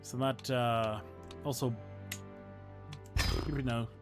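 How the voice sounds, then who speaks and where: Portuguese-born man in his thirties, British-sounding accent, mid-pitched, articulate streamer, game music playing behind. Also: steady tone. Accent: British-sounding English. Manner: articulate, measured, chatty with viewers. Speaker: historian streaming a strategy game. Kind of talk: casual livestream chat and game commentary.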